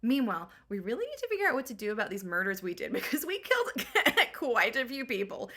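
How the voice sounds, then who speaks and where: A woman's voice: a little high, huge pitch swings, fairly quick, bright, forceful tone. A woman hosting a comedic story recap, chatty and full of sarcastic asides. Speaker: host.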